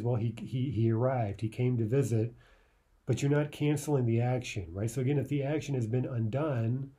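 Man teaching with a very dark voice. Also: medium pitch. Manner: conversational, often checks in with "right?"; reads Russian examples slowly and carefully. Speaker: Russian language teacher. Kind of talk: explaining a grammar lesson.

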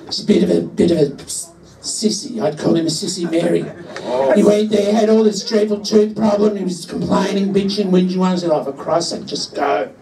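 On stage at a licensed music venue, a drag queen comedian tells camp, bawdy jokes full of swearing as live stand-up banter. His high, warm voice is steady and brisk with vocal fry. The mic is far off in a roomy live space, with crowd noise.

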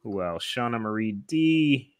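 A man's voice: on the low side, lively intonation, a little slow, background noise. A man co-hosting a casual livestream, laid back and laughing often as he reads out names from the chat. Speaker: livestream co-host.

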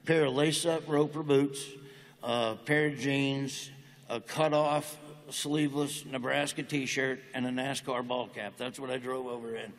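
A man's voice: mid-range voice, fairly even intonation, a little slow. A middle-aged man with a rural Southern US accent, telling stories and jokes in an easygoing drawl as a comedian guest on stage. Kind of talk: on-stage interview storytelling. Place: large university auditorium stage. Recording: long reverb of a big hall. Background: audience.

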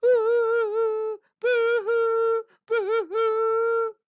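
A woman puts on a young female shark in a read-aloud storybook, greedy and eager for lunch, given to loud sobbing boo-hoos. The voice sits high and swoops around playfully. The recording is dry and slightly dull. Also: big pitch swings, measured pace, no room sound, exaggerated voice. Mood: crying.

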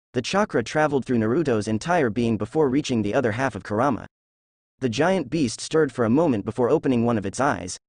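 A young man reading a fan-fiction story aloud at a steady, unhurried pace. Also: medium pitch, no room sound, studio quality.

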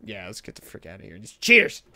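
A man casually commentating his gameplay, panicky and exclaiming, quick to laugh. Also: low voice, fairly even intonation, creaky, bright, forceful tone. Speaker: gaming video host.

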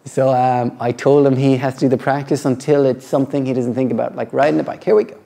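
A middle-aged man, a yoga teacher, talking reflectively and earnestly about his practice, halting often and restarting his sentences. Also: mid-range voice, fairly even intonation, gravelly, warm tone. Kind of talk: reflective personal talk.

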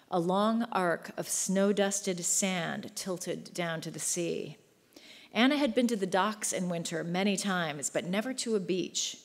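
A woman reading her novel in a hall. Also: lowish voice. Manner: measured, literary reading. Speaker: author. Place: large book fair venue. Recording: long hall reverb.

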